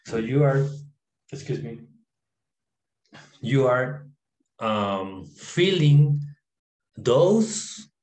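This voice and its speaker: A man explaining ideas about the mind in his apartment, in a halting way with many fillers and restarts. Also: medium pitch, roomy sound, low-quality recording. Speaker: self-help video presenter. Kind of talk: informal talk to camera, reading a text aloud. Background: dog barking, fireworks and freeway traffic outside.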